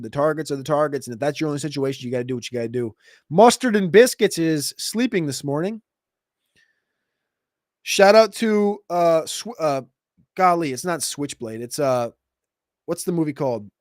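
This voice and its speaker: Quick, chatty man hosting a sports stream. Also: a little mellow, no room sound, studio quality. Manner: quick, casual and chatty, with sudden jumps in pitch. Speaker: fantasy football show host. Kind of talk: livestream Q&A answering viewer questions.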